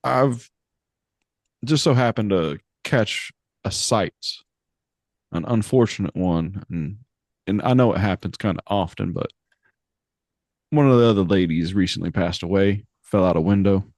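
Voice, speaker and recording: A man's voice: sits low, a little slow, long pauses, a little mellow, dry recording, studio quality. A man playing a tabletop game, talking in an easygoing, folksy way. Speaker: player. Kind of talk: tabletop role-play.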